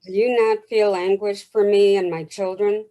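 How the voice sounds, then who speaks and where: A woman's voice: mid-range voice, fairly even intonation, warm tone, poor audio. A woman in a study class reads a scripture text aloud in a careful way. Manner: slow, careful reading. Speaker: class participant reading aloud.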